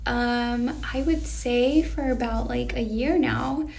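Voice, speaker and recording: A woman's voice: on the high side, slow, creaky, a little mellow, a little hiss or hum. A young woman, a life coach, chatting earnestly on a live stream and reading out viewers' questions. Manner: earnest, reflective, reads viewer questions aloud. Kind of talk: casual live-stream chat. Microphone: phone or webcam on a live stream.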